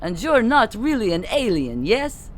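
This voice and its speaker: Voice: medium pitch, very animated, a little slow, slight background noise, pitched above the performer's own voice. An audiobook narrator voicing a flustered male suburban everyman in his forties, pleading and scrambling. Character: fortyish suburban everyman husband.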